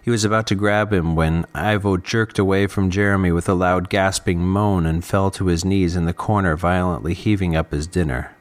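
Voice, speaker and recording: Low-voiced man narrating a serial story. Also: fairly even intonation, normal speed, few pauses. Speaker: podcast narrator. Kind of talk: scripted fiction narration.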